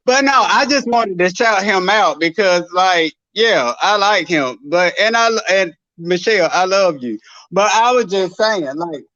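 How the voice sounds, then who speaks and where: A man's voice: high-pitched, lively intonation, a little slow, few pauses, bright, forceful tone, dry recording. A man from North Carolina calling in to a show, blunt, crude and rambling. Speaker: caller. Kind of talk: phone call-in. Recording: dull lo-fi phone line.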